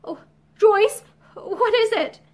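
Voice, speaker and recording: A woman voicing a distressed young gentlewoman, pleading and agitated. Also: extremely high pitch, expressive, moderate pace.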